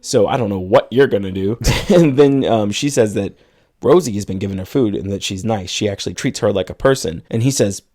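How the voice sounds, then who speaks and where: Low-voiced man recapping a film. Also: fairly quick, darkish tone. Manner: retells the plot at length, quotes characters in passing. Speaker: podcast co-host.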